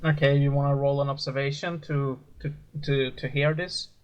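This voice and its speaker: A man narrating as game master of a tabletop role-play, halting, with many fillers. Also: mid-range voice, little pitch movement, clean tone, lo-fi sound.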